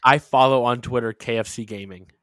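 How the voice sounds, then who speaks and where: A young man co-hosting a casual online chat, opinionated and joking, thinking out loud. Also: mid-range voice, steady tone, brisk. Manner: opinionated, joking, muses aloud. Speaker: podcast co-host.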